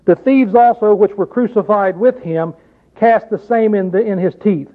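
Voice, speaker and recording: Male preacher, high-pitched and emphatic, sermon delivery, tinny lo-fi recording. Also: normal speed. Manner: emphatic, rhetorical questions, reads scripture aloud.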